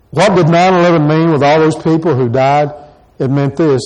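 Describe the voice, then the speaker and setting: A man's voice: a little high, steady tone, moderate pace, darkish tone, low-quality recording. A pastor preaching a sermon to his congregation, pressing the same questions again and again. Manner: repeats rhetorical questions to the congregation.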